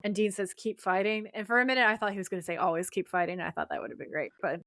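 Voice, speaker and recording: A woman's voice: medium pitch, very fast, a bit bright, dry recording. A woman co-hosting a podcast, casually retelling a TV episode scene by scene and quoting the characters' lines. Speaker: podcast co-host.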